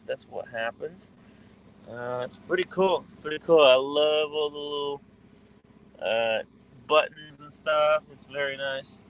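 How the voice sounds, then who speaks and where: A man hosting a casual livestream, chatting in a relaxed, halting way with many exclamations. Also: on the high side, poor audio. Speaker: livestream host.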